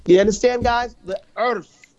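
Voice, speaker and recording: A man's voice: extremely high pitch, a little slow, a little mellow. A man teaching a lesson on a classical text, telling stories and often checking that his listeners follow. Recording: muffled lo-fi recording.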